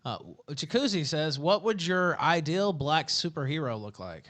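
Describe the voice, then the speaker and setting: A man's voice: a little high, big pitch swings, normal speed, a bit bright. A man hosting a livestream in a loose, casual way, reading viewer questions aloud with plenty of filler.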